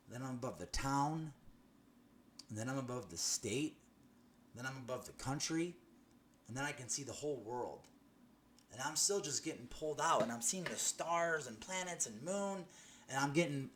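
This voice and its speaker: A man's voice: mid-range voice, normal speed, long pauses, a bit bright, slight background noise. A young man giving a personal faith testimony, telling his story earnestly with many restarts and "you know"s. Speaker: testimony speaker.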